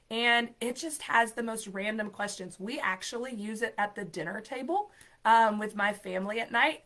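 A woman's voice: mid-range voice, fairly bright tone. Upbeat chatty woman giving exam tips. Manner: upbeat, chatty, emphatic, filler-heavy. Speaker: ESL program coordinator and show host. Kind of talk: live-streamed exam tips talk.

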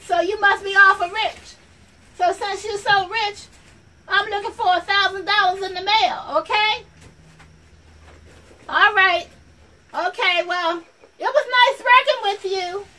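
A woman's voice: very high-pitched, measured pace, long pauses, pushed and bright. A woman performing a comic monologue as an office worker, sassy and repetitive, talking straight to the audience. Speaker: comedy sketch performer. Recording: voice from far off the mic, faint ambience.

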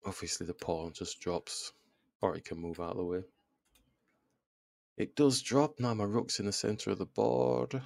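Gravelly low-voiced Englishman mulling chess moves. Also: steady tone, normal speed, pauses often, a little mellow, dry recording, studio quality. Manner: thinks aloud, muttering move by move; self-deprecating, groans at his own blunders. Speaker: chess video creator. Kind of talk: casual live chess commentary.

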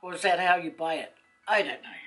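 A woman, a vlogger telling a rambling personal story to camera, chatty and quick to laugh. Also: on the low side, lively intonation, fairly bright tone, soft background music, poor audio.

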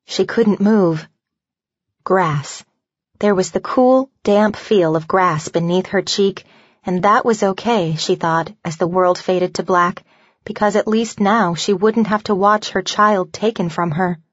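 A woman narrating a novel aloud in an even, measured storytelling voice. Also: mid-range voice, no echo, dull audio. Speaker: audiobook narrator.

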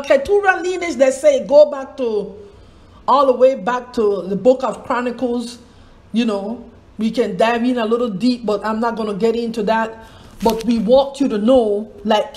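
Woman Bible teacher, high voice, unhurried, digressive, spells names aloud. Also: darkish tone. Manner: digressive, asks rhetorical questions, spells out names.

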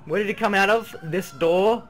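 A gaming video creator with a high-pitched male voice talks at a normal speed over a horror game, with a little hiss or hum in the audio. His let's play commentary is loose and excitable. He swears, yelps and shouts at the scares, and sings and hums to himself as he plays.

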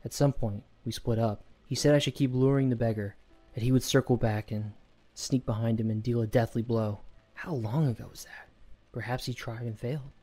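A man narrating a first-person horror story in a steady, measured way. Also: medium pitch, soft background music.

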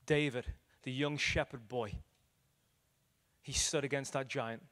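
A male evangelist preaching a sermon, telling stories with acted quotes and swinging between loud declarations and hushed moments. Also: medium pitch, steady tone, unhurried. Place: church hall.

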